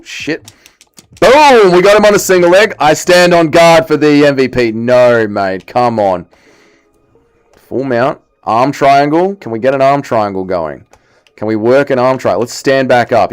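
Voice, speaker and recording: A young man live-streaming, chatting casually and excitably while he plays, swearing and reading chat aloud. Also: medium pitch. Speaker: livestreamer.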